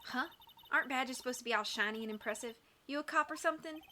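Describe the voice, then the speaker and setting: A brash, folksy Southern woman with a thick, slow drawl, as a woman puts her on for a video game. Her voice sits high and bright, and she talks feisty and loud. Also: slight background noise. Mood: suspicious. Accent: put-on Southern US drawl. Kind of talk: video game voice-over reading.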